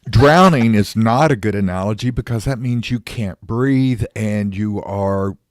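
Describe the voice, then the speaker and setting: A man with a very deep voice joins a casual podcast conversation. He speaks haltingly, with many "uh" pauses and a playful edge. The recording is dry and close. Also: dry recording.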